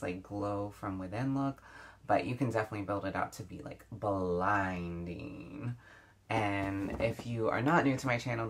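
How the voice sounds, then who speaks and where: A woman's voice: extremely low pitch, slight background noise. A woman beauty vlogger chatting casually while doing her makeup, reflective, with many fillers and restarts. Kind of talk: casual get-ready-with-me chat.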